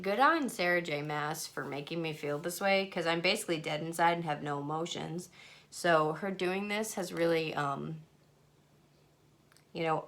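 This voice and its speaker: A woman's voice: fairly low pitch, creaky. A young woman talks straight to her camera at home in a loose, chatty vlog. She swears freely, rambles through her thoughts and sometimes drops to a whisper. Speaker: book vlogger. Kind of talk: casual reading vlog. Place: at home, in bed and in a messy room.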